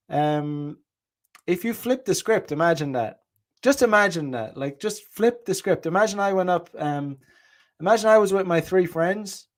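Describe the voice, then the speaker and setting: A man telling a story in a casual monologue, rambling and profane, with an indignant edge and frequent restarts. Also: a little high. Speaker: vlogger.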